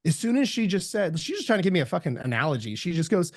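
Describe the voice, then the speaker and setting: Brief: male guest, slightly high voice, candid and animated, curses a lot, dry close sound. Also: fast, no echo. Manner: animated storytelling, swears freely. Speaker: podcast guest. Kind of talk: candid casual conversation.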